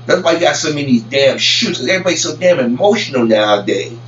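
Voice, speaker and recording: A celebrity-news vlogger gives a casual opinion rant to camera, speaking fast in a mid-range, slightly bright voice with lively intonation. He rambles and frequently stammers and repeats words. The audio sounds roomy, distant, and dull, a lo-fi recording with a faint hum.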